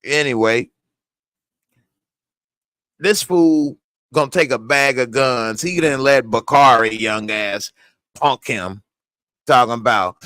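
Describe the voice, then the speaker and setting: A man giving casual, slangy reaction commentary on a TV episode, animated and laughing often. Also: mid-range voice, slow, pauses often, no room sound. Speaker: TV show reviewer.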